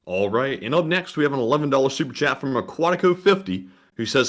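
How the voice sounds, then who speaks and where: Male co-host, mid-pitched, easygoing, reads donor messages. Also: lively intonation, fast, a bit bright. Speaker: co-host reading super chats. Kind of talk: livestream chat.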